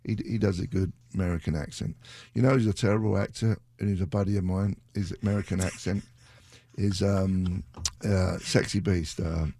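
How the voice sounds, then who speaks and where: A man's voice: sits low, steady tone, normal speed, mellow. A British man hosting a radio show, chatting casually in a rambling, self-deprecating way into a studio mic. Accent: British English. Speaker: radio DJ host.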